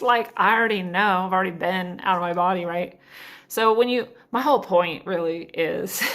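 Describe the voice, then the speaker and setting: A woman's voice: lowish voice, a bit bright. A woman hosting her own show, telling a story in a chatty way, with many fillers and frequent laughs. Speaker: host of a spiritual podcast. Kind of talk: casual storytelling monologue.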